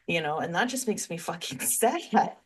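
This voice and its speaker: A woman's voice: lowish voice, animated, moderate pace, slightly rough. A woman guest on a podcast talking in a heartfelt, rambling way in casual conversation, with some swearing.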